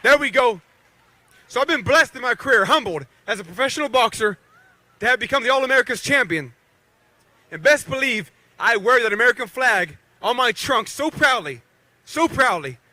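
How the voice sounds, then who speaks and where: With a very high-pitched, sharp voice captured in a dry recording, a professional boxer in his thirties from Beaver County, western Pennsylvania, delivers a stirring rally speech built on call-and-response with the crowd.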